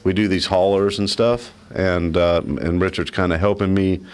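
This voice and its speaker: A man's voice: fairly even intonation, moderate pace, a little mellow, clean tone. A man who runs a car business chatting and joking on a local radio show from a studio. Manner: joking, playful, jumps high when teasing. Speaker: car dealer and regular radio guest. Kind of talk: casual radio chat.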